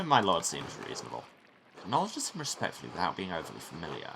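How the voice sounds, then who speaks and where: Wry, bright-voiced male game streamer. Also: low-pitched, wildly swooping pitch, fast talker, creaky, a little hiss or hum. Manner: wry, sarcastic asides. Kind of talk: let's-play commentary.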